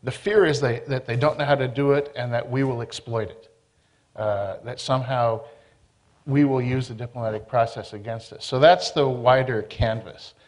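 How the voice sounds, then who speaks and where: A man's voice: medium pitch, steady tone, moderate pace. A man speaking as a panelist, explaining in a lecturing way and checking in with "right?" as he goes. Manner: explanatory, lecturing tone with tag questions. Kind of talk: panel discussion.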